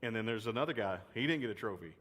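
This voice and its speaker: A man's voice: lowish voice, expressive, very fast, fairly bright tone. A man giving a chatty, joking youth sermon full of personal stories, repeating phrases for effect. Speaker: youth speaker. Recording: long reverb of a large hall.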